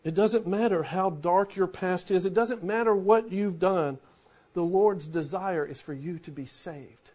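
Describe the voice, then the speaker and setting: A man in his forties, a pastor preaching a sermon in a conversational way, dropping to a hush for emphasis. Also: sits high, a little slow.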